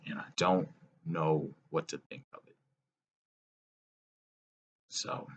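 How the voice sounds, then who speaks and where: Very deep husky man lecturing. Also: fairly even intonation, slow pace. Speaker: political commentator. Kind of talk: solo opinion monologue.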